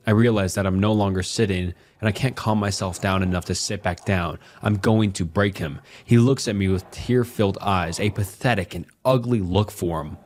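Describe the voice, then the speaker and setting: A man's voice: deep voice, moderate pace, darkish tone. A man narrating a first-person horror story, cold, probing and controlling in his questions. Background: faint music.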